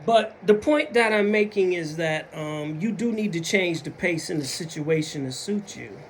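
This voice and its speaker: A man's voice: sits high, moderate pace, a little hiss or hum. A man with a Southern US accent talking casually in a motivational vlog, acting out other people's mumbled excuses. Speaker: vlogger.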